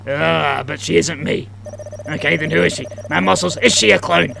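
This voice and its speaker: A young man playing a horror visual novel, reading the text aloud with joking asides, stumbles over words and sudden loud outbursts. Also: fairly high pitch, fairly even intonation, fast talker, vocal fry, a little hiss or hum, low-quality recording. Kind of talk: let's play commentary with dramatic reading.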